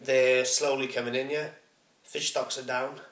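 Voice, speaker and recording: A young adult man with a Welsh accent, bantering on a comedy podcast in a dry, deadpan way. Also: medium pitch, unhurried. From Northwest Wales. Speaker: podcast co-host. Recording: echoey room, off-mic.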